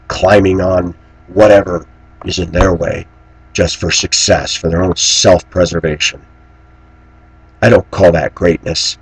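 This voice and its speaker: A man's voice: low voice, darkish tone, husky, low-quality recording. A middle-aged man talking straight to camera, telling a story and preaching with indignation. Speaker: vlogger. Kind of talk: personal commentary monologue.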